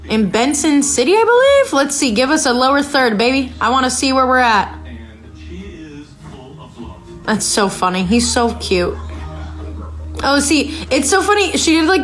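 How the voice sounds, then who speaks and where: A woman hosting a podcast, chatting casually and reacting aloud as she recaps a reality show, with lots of filler words. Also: on the high side. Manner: chatty, reacts aloud while watching, many "like"s. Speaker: podcast host.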